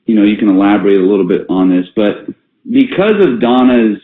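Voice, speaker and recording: A man's voice: lowish voice, lively intonation, brisk, slight background noise. A man hosting a company conference call, talking casually with many fillers and restarts. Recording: tinny phone line with roomy echo.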